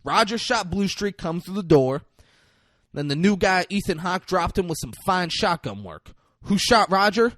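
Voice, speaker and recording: A man on a podcast retells a film scene with gusto, cursing and jumping between quotes. His voice sits a bit high and swings widely in pitch. The sound is close and dry, right on the mic. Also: animated, moderate pace, a bit bright, no room sound. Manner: swearing, acts out quotes with big swings. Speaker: podcast host. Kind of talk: casual chat, animated film retelling.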